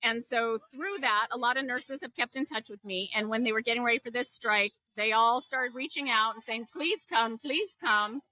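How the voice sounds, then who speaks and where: A woman podcast host in casual chat, with a high, bright voice in a dry space. She is jet-lagged, teasing and outspoken. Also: steady tone, a little fast, few pauses, no room sound, rough recording.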